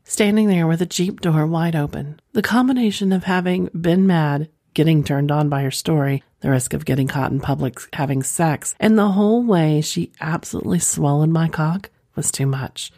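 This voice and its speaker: A woman hosting her own podcast, with a low, dark voice that stays mellow. She reads listener letters and then chats in a playful, rambling way. The sound is close and dry, with no room echo. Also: vocal fry. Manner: playful, chatty, rambling asides. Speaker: podcast host. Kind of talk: reading a listener letter aloud, then casual chat.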